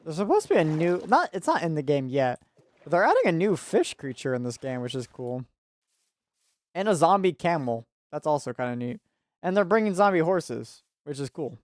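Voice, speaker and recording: This young man hosts a gaming channel, offering relaxed let's-play commentary in a fairly high, sing-song voice at normal speed. He often laughs and fumbles his words, and the desk-mic recording has no echo.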